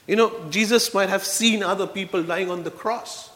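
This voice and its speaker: A man preaching a sermon in a church, earnest, moving between soft low passages and loud emphatic ones. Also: normal speed, hardly any pauses. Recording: long reverb in a hall.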